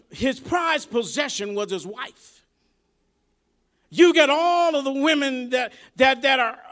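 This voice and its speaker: A man delivers a sermon in a high, lifted voice. He talks like he is chatting with the congregation, repeats himself as he gathers his thoughts, and swings from hushed asides up to shouted climaxes. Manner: preaching with sharp swings between soft asides and shouted climaxes; conversational, repeats words and restarts. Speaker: preacher.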